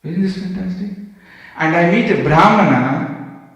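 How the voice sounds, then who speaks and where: A man's voice: high-pitched, a little slow, highs cut off. A man giving a storytelling sermon in a temple, acting out the voices in his stories as he goes. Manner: animated storytelling, acts out quoted dialogue. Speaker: speaker giving a class. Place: temple hall. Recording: echoey temple hall with long reverb.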